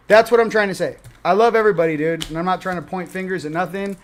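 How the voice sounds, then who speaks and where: A man's voice: high voice, quick pace, few pauses. A man hosting a casual livestream, joking and rambling, laughing at his own asides. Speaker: host.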